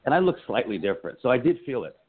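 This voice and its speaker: Husky-voiced man telling stories over a phone line. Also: medium pitch, very fast. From United States. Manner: animated storyteller acting out quotes. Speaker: guest, comedian and writer. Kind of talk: casual interview storytelling.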